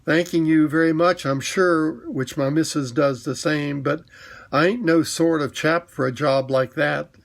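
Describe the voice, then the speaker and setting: A man's voice: on the high side, steady tone, unhurried, gravelly. A man voicing a humble male London cab driver with a Cockney accent in a storybook reading, speaking in a hesitant, plain working-class way.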